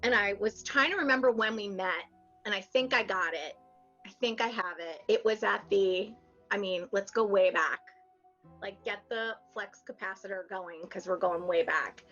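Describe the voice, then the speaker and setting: Bright-voiced comedian lady yakking away, laughs a lot, does little voices for people in her stories, faint music behind. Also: medium pitch, moderate pace, muffled recording. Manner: chatty storyteller, laughs often, acts out quotes. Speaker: comedian guest. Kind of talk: casual podcast chat.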